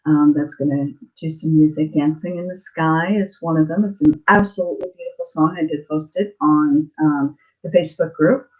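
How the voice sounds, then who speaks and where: A middle-aged woman hosting a live stream, talking in a warm, halting, tearful way with many fillers. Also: low-pitched, highs cut off. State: tearful, close to crying. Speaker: spiritual channel host. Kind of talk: casual live-stream chat.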